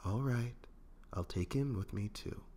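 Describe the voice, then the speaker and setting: A man's voice: mid-range voice, a little slow, dark tone, voice pushed up. A man voicing a dry, patient princess. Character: patient, dry-humored female princess-diplomat. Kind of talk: fan audiobook reading.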